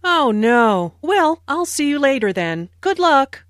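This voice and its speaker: A cheerful young woman, voiced by a woman in a scripted language-lesson dialogue. Her voice is high and swoops up and down in a friendly, sing-song way. She speaks slowly in a dry, close studio sound. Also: very animated, a bit bright, dry recording, full character voice.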